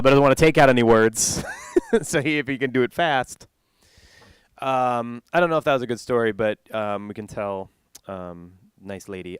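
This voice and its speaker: On a conference stage, a young stand-up comedian rambles through his set, interrupting himself as he laughs at his own jokes. His voice is medium-pitched and smooth, with no room sound.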